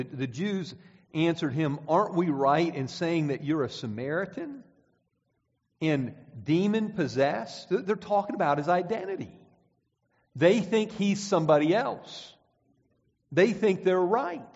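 High-voiced preacher in an echoing hall. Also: male voice, a little mellow, breathy edge. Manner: emphatic, rising and falling, reads scripture aloud. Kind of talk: sermon with scripture reading. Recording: dull sound with long hall reverb.

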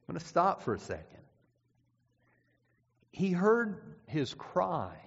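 Conversational preacher in a reverberant hall. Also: male voice, sits high, wildly swooping pitch, takes it slowly, creaky, fairly bright tone, husky. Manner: conversational, repeats words, reads scripture aloud. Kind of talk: sermon. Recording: dull sound with long hall reverb.

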